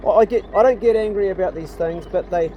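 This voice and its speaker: A man's voice: sits high, fast, dull audio, noisy background. Blunt, chatty Kiwi man. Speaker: vlogger. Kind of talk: casual chat. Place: outdoors on a rural property.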